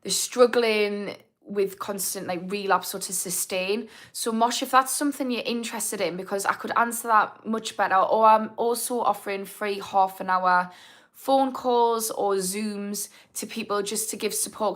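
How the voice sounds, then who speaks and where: A woman's voice: mid-range voice, steady tone, moderate pace, fairly bright tone. A British woman in her thirties, a recovery coach hosting a live Q&A stream, chatting frankly and answering viewers' comments by name. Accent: British English. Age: 30s. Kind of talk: casual live-stream chat, reading comments.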